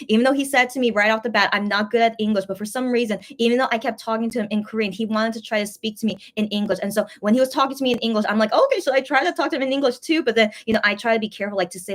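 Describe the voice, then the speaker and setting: A young woman from the USA chatting casually to her viewers, rambling through a story with restarts and squealing when she quotes herself. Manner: rambling, restarts, excited high-pitched quoted exclamations. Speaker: vlogger recounting a fan meeting.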